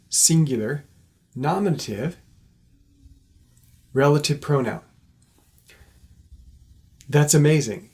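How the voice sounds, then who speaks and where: A man with a slightly husky voice teaches a recorded class. He talks patiently, explains each point step by step and keeps checking that his students are following. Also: medium pitch.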